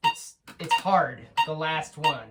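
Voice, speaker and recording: A man giving a drum student feedback in a relaxed, encouraging way, with frequent ums and restarts. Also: fairly high pitch, slow, over loud music. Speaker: drum teacher. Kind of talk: recorded feedback lesson. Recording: distant mic with faint noise.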